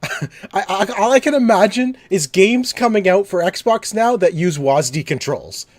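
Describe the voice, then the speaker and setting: A man's voice: sits high, animated, unhurried. A man co-hosting a casual gaming podcast, teasing and opinionated. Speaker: podcast co-host.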